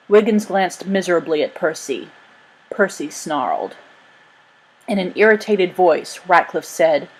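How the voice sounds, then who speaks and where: A woman narrating a chapter book aloud in a steady, expressive reading voice. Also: fairly low pitch, a little slow, low-quality recording. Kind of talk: storybook read-aloud.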